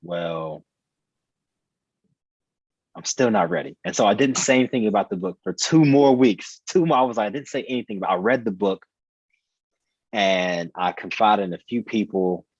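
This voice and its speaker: A deep-voiced man in his thirties speaks earnestly and reflectively, leaning on repeated phrases for emphasis. His voice is husky, and the recording is dry and slightly muffled. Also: brisk, dry recording. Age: 30s. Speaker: podcast guest, author. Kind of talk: personal storytelling in conversation.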